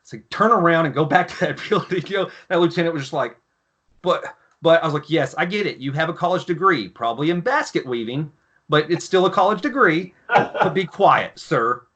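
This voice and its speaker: Ex-marine guy in his 30s swearing thru army stories, bright crisp tone. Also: fairly high pitch, fairly quick, highs cut off. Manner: profane, animated war-story telling. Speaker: podcast guest, former Marine. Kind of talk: casual storytelling chat.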